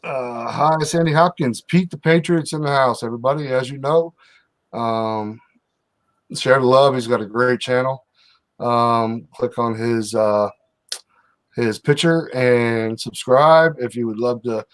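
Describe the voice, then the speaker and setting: A man's voice: medium pitch, measured pace. A man hosting a casual livestream, joking around with his co-hosts and reading out the chat. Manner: joking, then reads out chat with shout-outs. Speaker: livestream host.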